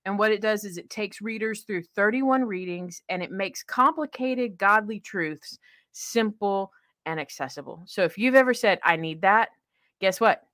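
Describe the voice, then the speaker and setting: A woman's voice: medium pitch, normal speed, a bit bright, no echo. A woman hosting a podcast in casual, bubbly chat, laughing often and poking fun at herself. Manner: bubbly, laughing, self-deprecating. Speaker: podcast host.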